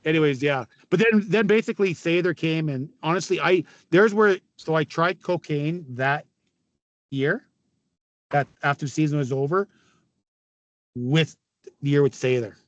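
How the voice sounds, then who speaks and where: Raspy middle-aged canadian guy, ex hockey player, laughing and swearing thru his stories, high-ish voice, dry close sound. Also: moderate pace, pauses often, dry recording, highs cut off. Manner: laughing often, swearing, animated anecdotes. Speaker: guest, former hockey player. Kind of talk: casual storytelling interview.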